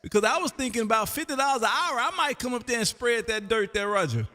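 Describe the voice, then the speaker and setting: A man hosting a casual ham radio chat, loud and folksy, calling everyone man. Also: extremely high pitch, expressive, fast talker, long reverb tail, faint music behind. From Texas.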